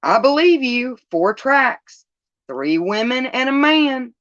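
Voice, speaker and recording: A woman's voice: sits high, sing-song, slow pace, fairly bright tone, no room sound, dull audio, voice pushed up, heavily acted. A woman voicing a grave old male shepherd with rustic country speech and solemn warnings, in a storybook reading.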